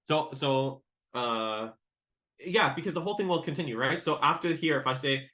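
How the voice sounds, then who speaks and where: A man's voice: mid-range voice, moderate pace, pushed and bright. A man teaching a casual online workshop on melodic modes, counting notes aloud and singing short examples. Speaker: maqam teacher.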